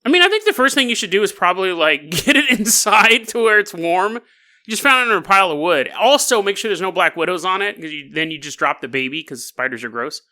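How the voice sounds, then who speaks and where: Sitting high and sharp in tone, this podcast host's animated voice moves a little fast. He turns a news story into a comedy bit, breaking off into jokes and tangents and laughing mid-sentence.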